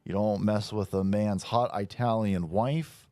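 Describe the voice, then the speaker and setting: A man's voice: fairly low pitch, fairly even intonation, a little slow, mellow, dry recording, soft background music. A man hosting a show, giving crude, mocking play-by-play commentary over video clips. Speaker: show host.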